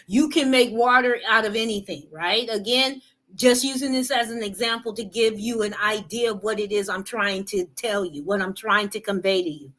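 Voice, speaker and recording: A woman's voice: medium pitch, moderate pace, a bit bright, rough recording. A woman giving an earnest motivational talk, repeating her points and often checking in with "right?". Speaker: motivational speaker.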